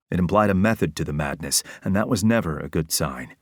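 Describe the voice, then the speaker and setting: A man narrating a crime novel audiobook in a steady, even reading. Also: low voice, normal speed, no room sound, studio quality.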